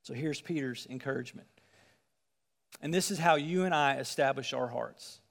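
A man's voice: medium pitch, normal speed, gravelly, big-room sound. A man preaching a sermon, reading scripture and explaining it in an earnest, emphatic way, asking the listeners direct questions.

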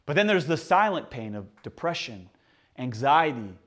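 A man in his forties, a pastor preaching a sermon in a church, telling stories with lively swings in pitch and loudness and calling out to the congregation. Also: normal speed. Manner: prays and calls to the congregation.

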